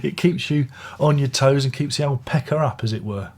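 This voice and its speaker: Husky British man rambling about an album. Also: mid-range voice, brisk, a little mellow. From Britain. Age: older. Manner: rambling, self-interrupting, chatty asides. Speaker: music reviewer. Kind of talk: casual solo album review.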